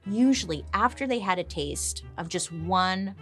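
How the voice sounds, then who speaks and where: A young adult woman hosting a storytelling podcast, chatty and playful, with jokey asides and sudden jumps up in pitch. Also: lively intonation, unhurried, a bit bright, faint music behind. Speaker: podcast host.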